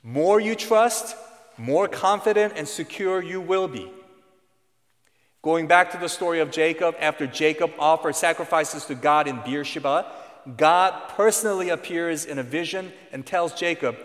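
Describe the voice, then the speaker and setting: A man delivers a sermon in a fairly high voice, teaching earnestly and pressing on the words that matter. His voice rings out with a long reverb, as in a large hall. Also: normal speed. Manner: earnest teaching tone with emphatic stresses. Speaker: pastor.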